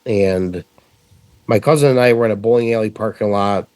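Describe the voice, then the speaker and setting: A middle-aged man from central New York, telling a story as a podcast guest in a casual, animated way with frequent swearing. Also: on the low side, moderate pace, no room sound.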